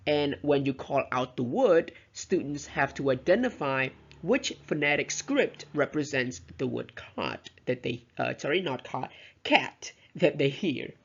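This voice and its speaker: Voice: mid-range voice, lively intonation, a little slow, breathy edge, muffled recording. A teacher giving a recorded lesson, explaining carefully and modelling example words aloud. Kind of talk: recorded lecture explaining pronunciation.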